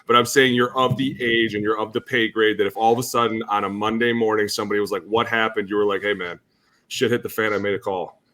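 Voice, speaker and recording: A man's voice: on the low side, level tone, fast talker, fairly bright tone. A man who is a former lineman, co-hosting a sports podcast, talking bluntly and acting out players and coaches. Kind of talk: casual sports talk.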